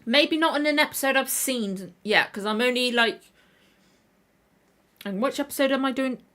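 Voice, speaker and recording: A woman's voice: high voice, normal speed, a bit bright. Tired woman rambling on a livestream. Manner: rambling, self-correcting. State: tired, throat a little tender. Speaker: reaction channel host. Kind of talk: casual livestream chat.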